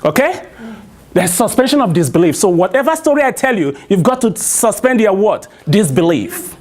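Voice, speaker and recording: Nigerian man telling a folk tale live, high voice, keeps asking the crowd "what?". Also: normal speed. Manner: call-and-response questions, animated. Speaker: storyteller. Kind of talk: live oral storytelling to an audience.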